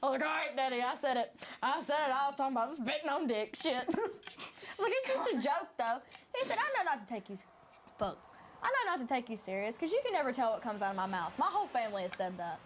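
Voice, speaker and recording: Woman, Southern US country twang, podcast host. Quick, rambling, crude storyteller with a higher, lively voice. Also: slight background noise. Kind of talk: casual podcast chat.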